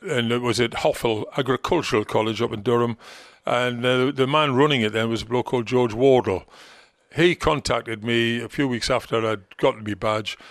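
A man's voice: mid-range voice, no echo, clean studio sound. An older man from England, telling stories in a chatty, teasing way as an interview guest. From Gateshead, North East England. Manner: chatty storyteller, teasing, quotes others in their own voice. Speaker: interview guest, former football manager. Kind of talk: reminiscing interview talk.

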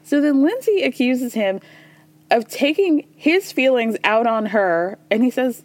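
A woman's voice: fairly high pitch, expressive, a little slow. A woman hosting a casual recap podcast, talking in a chatty, profane way and voicing the lines of the people she describes. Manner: chatty and profane, says y'all and girl; retells scenes by voicing quoted dialogue. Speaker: podcast host recapping reality TV.

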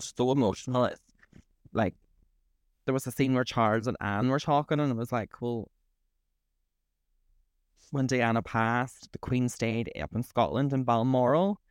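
A man's voice: medium pitch, normal speed, no room sound, clean studio sound. Sweary man ranting. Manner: sweary, ranting, animated storytelling. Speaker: podcast co-host. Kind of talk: casual chat.

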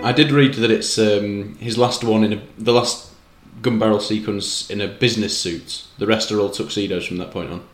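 A man's voice: on the low side, steady tone, moderate pace, hardly any pauses, reverberant, faint music behind. A man on a podcast panel, joking and self-mocking in casual chat.

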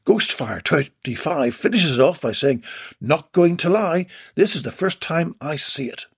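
A man hosts a comedy podcast, reading listener comments aloud with cheeky, mock-dramatic asides. His voice is quite husky and swings widely in pitch, set a little high. The recording is close and dry. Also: lively intonation, measured pace, no echo. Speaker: podcast host. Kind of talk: comic podcast monologue reading listener posts.

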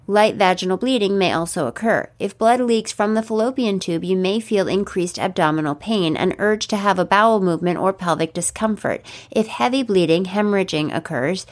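Woman, middle pitch, reads information aloud steadily with quick asides. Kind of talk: reading an informational passage aloud.

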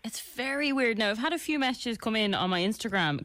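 A woman's voice: medium pitch, brisk, hardly any pauses, dry recording, studio quality. An Irish woman co-hosting a radio show, chatting in a playful, casual way. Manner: lively, playful. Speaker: radio co-host. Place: radio studio. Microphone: studio mic.

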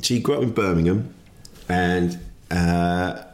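A man's voice: low-pitched, unhurried. A man hosting a podcast, chatting casually, laughing often and asking easy questions. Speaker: podcast host. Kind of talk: casual conversation.

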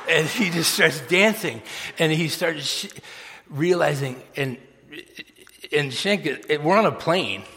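A man's voice: fairly high pitch, pushed and bright, big-room sound. A man preaching a sermon, telling a story unhurriedly with chuckles and many fillers. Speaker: pastor. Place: church sanctuary.

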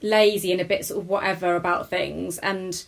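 A woman's voice: on the low side, steady tone, moderate pace, vocal fry. A woman, a character comedian chatting as a guest in an interview, rambling and self-deprecating. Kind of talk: casual interview chat.

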